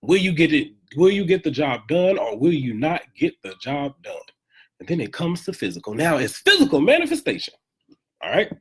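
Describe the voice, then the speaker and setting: A man talking casually in a preachy, animated motivational monologue, live from home, repeating phrases for emphasis. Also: fairly high pitch, normal speed, slightly rough.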